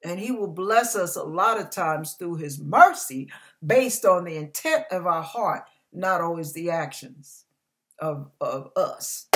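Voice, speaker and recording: Older woman pastor, slow and deliberate, earnest conversational sermon. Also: on the low side, animated, fairly bright tone. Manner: earnest, conversational preaching that builds to emphatic repetition. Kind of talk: online church sermon.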